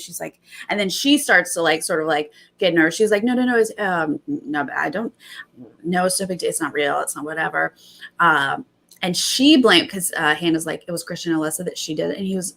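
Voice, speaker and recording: A young adult woman hosting a casual recap, retelling events in animated bursts and quoting others. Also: fairly low pitch, gravelly. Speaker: host.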